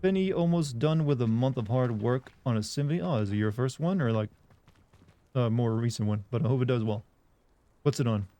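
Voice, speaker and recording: A man's voice: mid-range voice, fairly quick, warm tone. A young man from the Southern United States with a slight Southern US accent, chatting casually and rambling while streaming a game. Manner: chatty, rambling, self-deprecating. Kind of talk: casual live-stream gaming chat.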